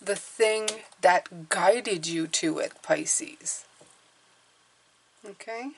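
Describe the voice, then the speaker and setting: A woman's voice: medium pitch, extremely slow, background noise. A woman reading tarot cards for her viewers, talking earnestly and encouragingly, often checking in with "okay?". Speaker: tarot reader.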